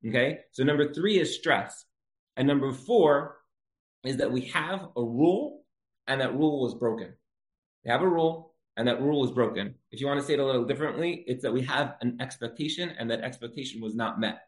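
A man's voice: medium pitch, animated, fairly quick. A man teaching a Torah lesson in a conversational storytelling style, repeating key phrases for emphasis. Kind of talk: religious lecture with storytelling.

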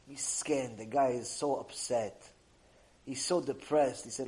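A man teaching Torah through a story, telling it in an animated way and acting out each character. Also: mid-range voice, a little slow, a little hiss or hum, low-quality recording. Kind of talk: storytelling lesson.

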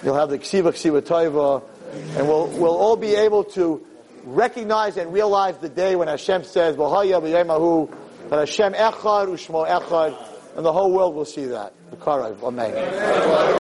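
A man lecturing as a rabbi in a Torah class, moving from quiet talk to loud, impassioned preaching before an audience. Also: fairly high pitch, moderate pace, rough recording.

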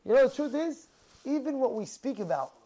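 Guy giving a casual religious talk, lots of rhetorical questions, pitch jumps all over, keeps restarting words. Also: a little fast. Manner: animated, full of rhetorical questions. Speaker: religious speaker.

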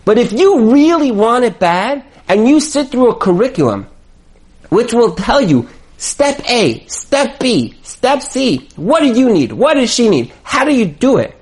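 Male marriage coach, preacher-like and repetitive, with a voice that swings widely in pitch. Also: very animated, a little slow, darkish tone, breathy edge. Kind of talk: motivational talk.

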